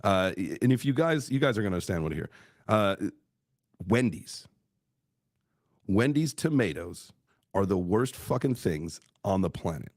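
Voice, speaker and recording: A laid-back man hosts a casual podcast, rambling along and swearing here and there. His voice is fairly low. The sound is dry and close to the mic. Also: lively intonation, normal speed, pauses often, dry recording. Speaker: podcast host. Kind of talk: casual chat.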